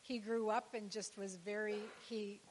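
A woman's voice: medium pitch, steady tone, measured pace, long reverb tail, a little hiss or hum, poor audio. A woman telling a story to a church audience, rambling and restarting with "anyways". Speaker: charity co-founder, speaker's wife. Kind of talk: storytelling talk.

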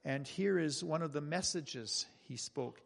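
A man preaching a sermon, earnestly retelling a story and slowing down when he reads quoted passages aloud. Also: a little high, vocal fry, big-room sound. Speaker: pastor. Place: church.

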